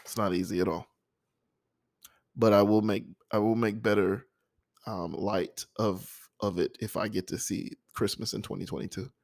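Guy reading his own poems, low voice, halting and heartfelt, super dry close sound. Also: fairly even intonation, vocal fry, darkish tone, dry recording. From United States. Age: adult, a father. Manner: halting, heartfelt, with restarts and sighs. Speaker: poet sharing his poems. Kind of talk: emotional spoken-word reading and personal reflection.

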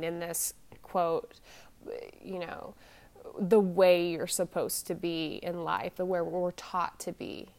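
A woman in her forties tells a personal story in a halting, shaken way, full of restarts and fillers, anxious as she talks. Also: lowish voice. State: shaken and anxious while telling it. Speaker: vlogger.

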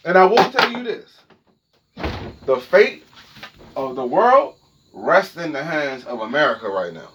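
A podcast host with a fairly high voice talks unhurriedly, pausing often, over slight background noise. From his home setup he goes on a casual, profane solo rant, animated and checking in with listeners by asking "okay?" again and again.

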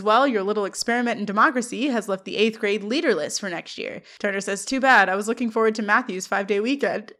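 A woman's voice: mid-range voice, fairly bright tone. A woman co-hosting a podcast, retelling an episode scene by scene and quoting the characters' lines. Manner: laughs often while recounting. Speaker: podcast co-host. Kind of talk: scene-by-scene recap.

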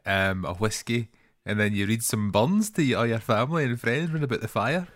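A Scottish man co-hosting a film podcast, bantering in a dry, deadpan way during casual chat. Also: medium pitch, normal speed, dry recording. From Scotland. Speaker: podcast co-host.

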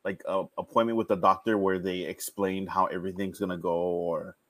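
A man's voice: sits low, flat delivery, a little fast, no room sound. A man in casual chat asking his friends questions, hesitant, with many restarts. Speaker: expectant father asking friends.

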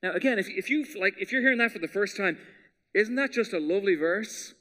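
A man preaching a sermon as pastor, in a conversational style that drops to hushed tones for scripture. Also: high voice, lively intonation, a little fast.

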